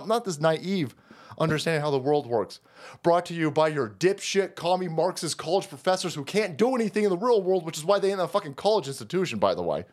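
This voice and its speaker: A man hosting his own channel, delivering a foul-mouthed, mocking political rant. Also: high-pitched. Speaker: commentary channel host.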